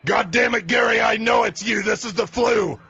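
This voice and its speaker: A man voicing a menacing male flu germ with a gravelly, screeching voice, in a radio prank call bit. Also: high voice, moderate pace, bright, forceful tone. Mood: gloating. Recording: lo-fi old radio audio.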